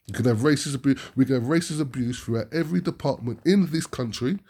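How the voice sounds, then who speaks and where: A man giving a ranting weekly news commentary as a preacher, animated and full of rhetorical questions like "yeah?". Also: mid-range voice, fast talker.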